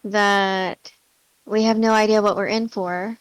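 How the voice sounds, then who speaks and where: A woman's voice: medium pitch, slow pace, smooth, no echo, close to an everyday voice. A woman voicing a cool, probing woman hunter who questions a captive. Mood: teasing. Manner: calm, teasing questioning.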